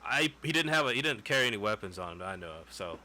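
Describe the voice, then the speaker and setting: A man's voice: lowish voice, big pitch swings, fast talker, pushed and bright. A man in his twenties casually telling a long story on a podcast, loose and profane, acting out what people said. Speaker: podcast co-host.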